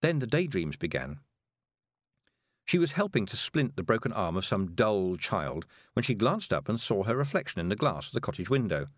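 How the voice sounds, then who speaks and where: A man narrating a children's fantasy novel in an expressive, measured storytelling voice. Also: lowish voice, no room sound, studio quality. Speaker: audiobook narrator. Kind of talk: scripted narration.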